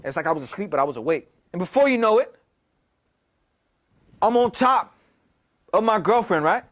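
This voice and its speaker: A young man with a high voice tells a story casually, full of slang and swearing. He retells it in an animated way and keeps repeating himself. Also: moderate pace.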